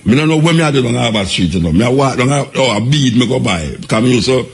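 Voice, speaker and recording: An older man with a Jamaican accent, telling his life story in an animated, repetitive way in casual patois. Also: medium pitch, fast, gravelly.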